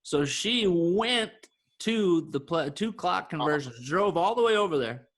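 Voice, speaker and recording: Animated storytelling man, a bit high. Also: unhurried. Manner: animated storyteller who acts out quoted dialogue. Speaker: podcast co-host telling a personal story. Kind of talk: casual podcast chat.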